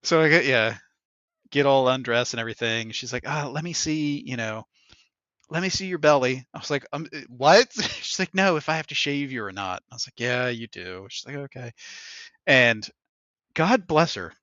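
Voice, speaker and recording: A man hosting a podcast in casual chat, telling an animated story and acting out what other people said, with laughs along the way. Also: mid-range voice, normal speed, dry recording, highs cut off. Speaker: podcast host.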